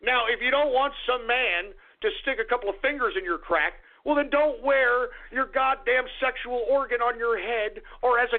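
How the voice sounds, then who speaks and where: A man's voice: sits high, creaky. Angry, crude man ranting on talk radio. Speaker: radio host. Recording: tinny phone-like radio sound.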